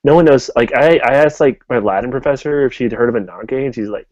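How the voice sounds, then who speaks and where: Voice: medium pitch, quick pace, a little mellow, dry recording, dull audio. A young adult student co-hosting a casual podcast, rambling and laughing while discussing a comic book. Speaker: podcast co-host.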